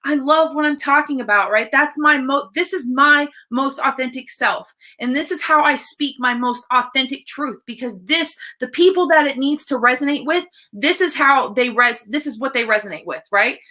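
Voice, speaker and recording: A woman coach talking to viewers on a livestream, blunt and excited, swearing freely as she speaks. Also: sits high, normal speed, hardly any pauses. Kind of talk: casual live-stream talk.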